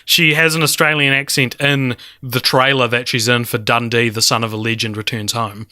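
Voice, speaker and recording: A man co-hosting a podcast in easy, casual chat, laying out the background at length. His voice is sharply bright and smooth, with a crisp, resonant ring. The sound is close and dry, with no room around it. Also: medium pitch, flat delivery, moderate pace, no room sound. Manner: explanatory, recapping at length. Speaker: podcast co-host.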